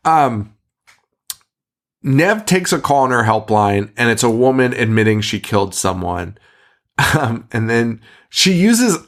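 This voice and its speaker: Dude cohosting a horror movie podcast, swears a lot, keeps laughing, hiccupy. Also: male voice, mid-range voice. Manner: animated, laughs often, swears. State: hiccuping and burping. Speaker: podcast co-host. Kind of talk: casual movie chat. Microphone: studio mic.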